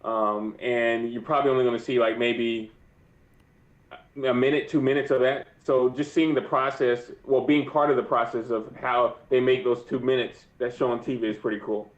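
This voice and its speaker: Rambling young fighter on echoey line. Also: male voice, mid-range voice, level tone, normal speed. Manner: rambling, many fillers and "you know what I mean". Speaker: guest, pro fighter. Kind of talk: casual interview. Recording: muffled echoey remote audio.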